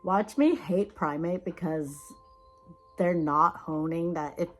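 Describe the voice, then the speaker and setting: Chatty woman vlogger, lowish voice. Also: slow pace, faint music behind, rough recording. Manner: rambling, animated storytelling with laughs. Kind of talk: casual chat.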